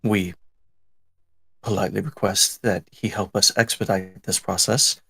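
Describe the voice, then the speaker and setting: A man playing a tabletop game, laying out plans in a measured, step-by-step way. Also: on the low side, fairly even intonation, gravelly, sharp tone, slightly rough, no room sound. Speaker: player.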